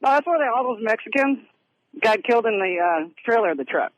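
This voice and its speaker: A woman's voice: a little high, animated, fast, dry recording, low-quality recording. A woman from Texas calling in to a podcast by phone, brash, needling and profane. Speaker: caller. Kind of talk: call-in chat.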